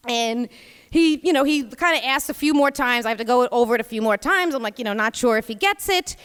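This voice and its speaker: On a theater stage, a New York woman with a New York accent hosts and tells a comic story, sprinkling in many chatty asides. Her voice is a little high, smooth and fairly bright, with lively intonation at a moderate pace. The live theater sound is reverberant.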